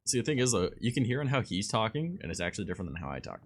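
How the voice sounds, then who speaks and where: Canadian streamer, young man, deep voice, laid-back and foul-mouthed, trailing fillers. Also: very animated, very fast, soft background music. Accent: Northern Ontario Canadian. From Southern Ontario, Canada. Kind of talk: casual stream chat.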